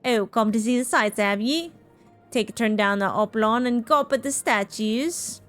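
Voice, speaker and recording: A woman voicing a gruff drunk commoner man who mocks a traveler, her slowed, rough attempt at a Cockney accent slipping in and out over faint game music. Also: fairly high pitch, a bit bright, natural voice. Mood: mocking.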